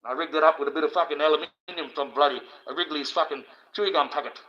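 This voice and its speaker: A man's voice: on the high side, fast talker. An Australian man ranting on a livestream, crude and profane, rambling with stumbling restarts. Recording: dull lo-fi stream audio.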